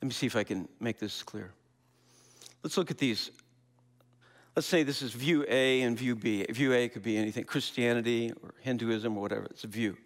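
Guy pastor preaching to a crowd, storytelling, gets animated doing other people's lines. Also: mid-range voice. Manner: animated, slips into quoted voices. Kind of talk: sermon with storytelling.

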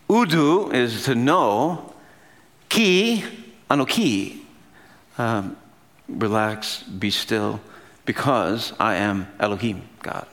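Man, pastor, relaxed sermon, joking teacher's tone, lively pitch swings. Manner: casual, playful teaching with laughs.

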